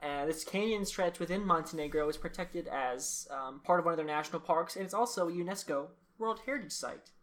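A man's voice: fairly high pitch, a little fast, hardly any pauses, a bit bright. A young man with a Southern US accent hosting a podcast in casual chat, laid-back with dry wisecracks. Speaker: podcast host.

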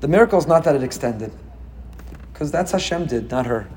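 A man teaching a Torah class, animated, asking dramatic rhetorical questions and swinging between loud emphasis and hushed asides. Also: on the high side, fairly quick, slight background noise.

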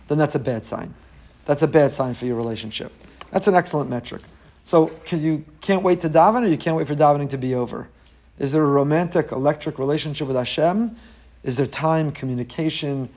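A man gives a Torah class in a slightly raised, lively voice. He teaches with energy and often drops into quick acted voices for the people in his examples. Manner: animated, acts out quoted voices with rising pitch. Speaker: rabbi.

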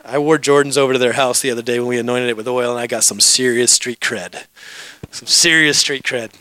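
Bright-voiced man preaching a sermon. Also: mid-range voice, fairly even intonation, a little fast, no echo. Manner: storytelling, joking asides with the congregation. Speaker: pastor.

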